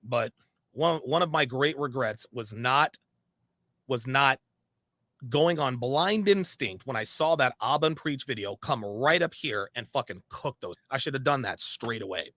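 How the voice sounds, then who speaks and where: A man's voice: mid-range voice, lively intonation, unhurried, sharp tone, no echo, clean studio sound. A man speaking frankly in a monologue, repeating phrases for emphasis. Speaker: online commentator. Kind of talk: candid monologue.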